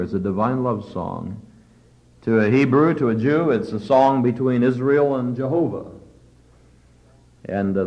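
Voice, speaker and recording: A middle-aged man preaching a sermon at a chapel service, fervent and building to loud emphatic peaks. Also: medium pitch, poor audio.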